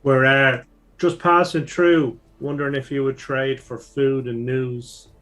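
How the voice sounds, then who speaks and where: Slow hesitant male player. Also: medium pitch, flat delivery, fairly bright tone. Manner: hesitant, many ums. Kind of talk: playing a tabletop game.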